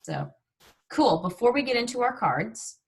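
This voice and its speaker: A woman's voice: fairly high pitch, expressive, unhurried, breathy edge. A woman teaching an online mindfulness class, upbeat and chatty, guiding breathing exercises with frequent yawning.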